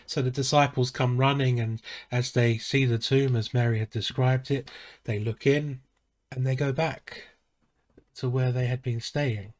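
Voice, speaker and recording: Male pastor, sermon, very slow delivery, measured, solemn, soft pauses. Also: medium pitch, fairly even intonation.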